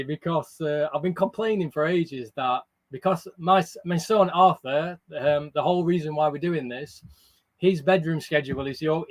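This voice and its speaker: An English man hosting a charity live stream, chatting casually and rambling with lots of fillers. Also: fairly high pitch. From England. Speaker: live-stream fundraiser host.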